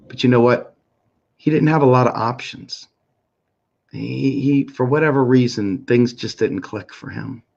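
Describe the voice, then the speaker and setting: A middle-aged man giving an impassioned, profane rant full of pleading questions, swinging between a raised voice and a low one. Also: vocal fry, darkish tone. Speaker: political activist commentator. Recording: muffled lo-fi recording.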